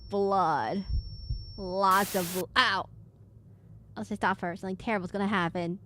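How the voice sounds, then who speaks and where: A woman's voice: medium pitch, steady tone, a little slow, bright, forceful tone, slight background noise. A woman voicing a determined, protective teenage boy protagonist, earnest and defiant, in a horror game. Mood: defiant uneasy. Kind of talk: game dialogue voiced by a streamer.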